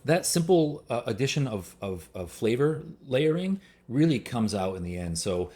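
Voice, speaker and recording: A man's voice: mid-range voice, very animated, moderate pace, mellow. A man, a guest chef, chatting enthusiastically and rambling with fillers. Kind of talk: casual chat.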